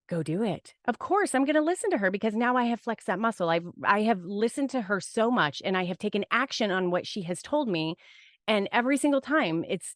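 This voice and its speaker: Here a woman with a medium-pitched voice, recorded dry in studio quality, is a podcast guest. She muses casually and at length, restarting sentences and repeatedly saying "like" and "right?" in relaxed interview conversation.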